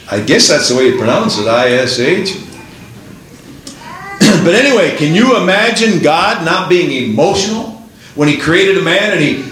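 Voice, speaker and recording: In a spacious, echoing church, a male preacher with a high, slightly bright voice delivers an emphatic, rolling sermon. He challenges his congregation with one rhetorical question after another.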